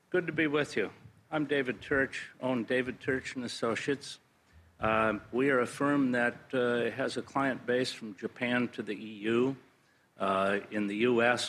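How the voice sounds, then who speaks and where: A man's voice: mid-range voice, a bit bright, low-quality recording. Guy at a board meeting giving an update, dry jokes, little hiss in the back. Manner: dry humor, storytelling. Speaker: federal lobbyist addressing a board. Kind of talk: public meeting remarks.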